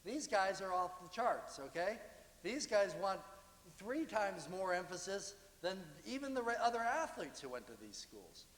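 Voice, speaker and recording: A man giving a university lecture about slides, talking in a conversational, halting way with frequent restarts. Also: high-pitched, sing-song, fairly bright tone. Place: lecture hall. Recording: echoey hall, distant.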